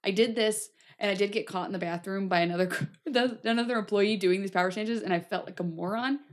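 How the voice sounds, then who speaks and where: A woman's voice: medium pitch, brisk. Chatty young woman podcast co-host. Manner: chatty, acts out quoted voices. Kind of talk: casual chat.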